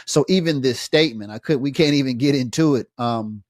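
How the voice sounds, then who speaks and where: A man giving measured, critical reaction commentary on a debate clip, often pausing with fillers and restarts. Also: mid-range voice, no echo, clean studio sound.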